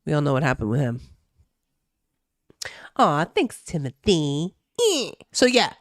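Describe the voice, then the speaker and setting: A woman's voice: deep voice, very animated, unhurried, dry recording. Chatty New Jersey woman streamer, dry close mic. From New Jersey, USA. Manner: chatty, swears freely, reacts to chat. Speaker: streamer reading the news. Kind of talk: casual live-stream chat.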